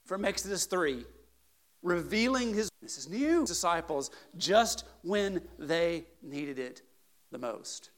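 A man's voice: high voice, a little slow. A man preaching a conversational sermon as a pastor, telling stories animatedly and checking in with the congregation with "right?" and "okay?". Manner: chatty, peppers points with "right?" and "okay?"; animated storyteller, builds to emphatic peaks.

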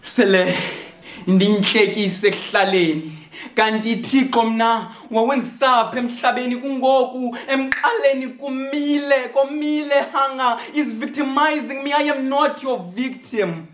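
A woman's voice: high-pitched, fairly even intonation, measured pace, a little hiss or hum. A woman performing spoken word poetry in a defiant, declamatory way. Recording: echoey room.

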